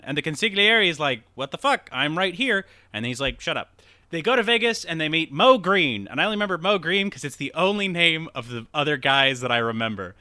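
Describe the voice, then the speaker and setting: A man's voice: a little high, animated, fairly quick, sharp tone, dry recording, studio quality. A man hosting a podcast, rambling through a casual movie recap, swearing, laughing at himself and acting out lines from the plot. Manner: rambling, profane, laughs at himself, acts out quotes. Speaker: podcast host.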